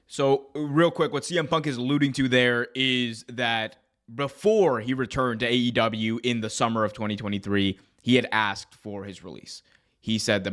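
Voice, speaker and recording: A man's voice: medium pitch, fairly even intonation, moderate pace, a bit bright. A male podcast host giving commentary on an interview clip and explaining its context. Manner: explanatory, recaps what the guest means.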